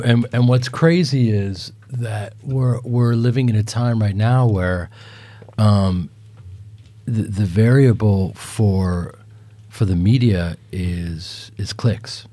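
A man guesting on a podcast, talking casually with halting restarts and repeated words. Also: lowish voice, mellow. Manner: halting, repeats words while searching for a point. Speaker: actor and comedian guest. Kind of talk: casual chat.

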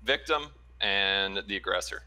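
A man's voice: low-pitched, a little slow, faint music behind. A man who works as an ER trauma nurse, chatting casually and telling a story with many fillers. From Chicago area. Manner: relaxed storytelling with fillers and laughs. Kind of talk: casual chat.

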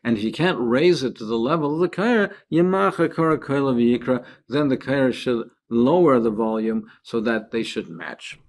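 Rabbi reading and explaining Talmud. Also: male voice, mid-range voice, moderate pace, hardly any pauses. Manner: reads each phrase of text, then explains it in plain words. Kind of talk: daily Talmud lesson.

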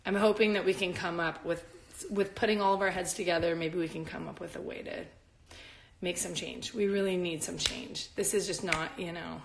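Woman with a low, gravelly voice, heartfelt and hesitant, on a phone livestream. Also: fairly even intonation, moderate pace, reverberant, noisy background. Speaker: wife of the host. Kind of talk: casual livestream chat.

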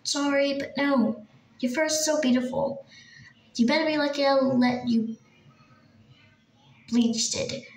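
A doting yet strict mother pet, voiced by a young woman in a homemade toy drama, sugary one moment and bossy the next. The voice sits high and unhurried, with a roomy echo and faint hiss. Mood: firm. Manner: sweet-talking but bossy. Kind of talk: fan-made toy-figure drama. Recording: roomy home recording with faint noise.

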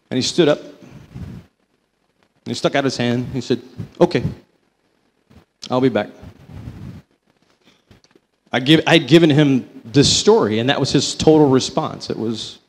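A man sharing his faith testimony before an audience, telling it as a story that swings between slow, emphatic phrases and quicker runs. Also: fairly high pitch, big-room sound. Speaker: company vice president giving a testimony.

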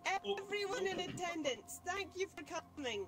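A woman's voice: extremely high pitch, expressive, normal speed. A woman playing the leader of a commune, giving a formal ceremonial speech in a put-on accent for a game role-play. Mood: solemn. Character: woman leading a commune, solemn ceremonial speaker.

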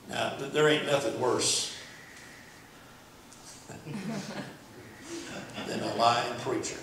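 Male pastor, folksy sermon that climbs to shouting, bright tense tone, faint room hum. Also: mid-range voice, very animated, very slow, gravelly, pauses often. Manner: folksy, repetitive preaching that builds to shouting. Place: large echoey church sanctuary. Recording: echoey church from a distance.

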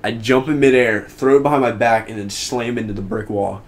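A man's voice: medium pitch, fairly quick. A young man co-hosting a podcast, telling a long story in casual chat and filling it with "like". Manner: rambling, heavy use of "like" fillers. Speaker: podcast co-host.

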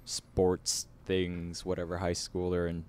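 A man's voice: low voice, completely flat delivery, slow, darkish tone, clean tone. A man co-hosting a podcast in casual chat, laid-back, chuckling often and trailing off. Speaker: podcast co-host.

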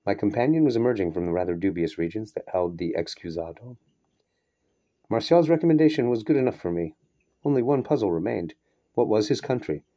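A man reading a short story aloud in a steady, measured way, now and then breaking off for a brief aside. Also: on the low side. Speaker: reader. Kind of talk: audiobook narration of a short story.

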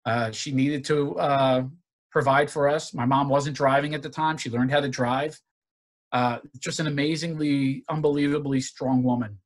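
A man from Northeast Philadelphia giving an earnest personal recovery talk, halting with many restarts and fillers. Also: mid-range voice, fairly bright tone. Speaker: guest speaker. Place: virtual forum presentation.

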